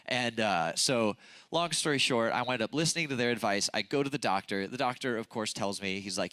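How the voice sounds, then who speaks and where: A man's voice: medium pitch, animated, fairly quick, fairly bright tone, no echo. A young man with a nasal voice from a broken nose, giving a casual, chatty youth sermon full of fillers and self-deprecating stories. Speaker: youth pastor. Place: church youth service stage.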